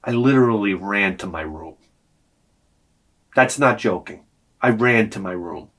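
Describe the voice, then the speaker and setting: A man's voice: fairly low pitch, measured pace, fairly bright tone. A middle-aged man, telling a comic story in a vlog, swearing freely and acting out the voices he quotes. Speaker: vlogger.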